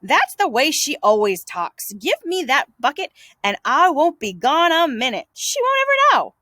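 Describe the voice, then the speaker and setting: A woman's voice: moderate pace, no echo, exaggerated voice. A woman voicing a cunning, boastful boy in a read-aloud storybook, talking in an eager, coaxing way. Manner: coaxing, eager, raised excited pitch.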